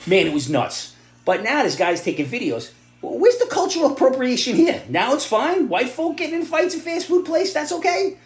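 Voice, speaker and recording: A middle-aged man rants in a blunt, sarcastic monologue, his pitch swinging widely from low grumbles to sharp, loud jabs. He speaks in an echoey room. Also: sing-song, normal speed. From New York area. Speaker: vlogger giving opinions and advice. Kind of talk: ranting opinion monologue.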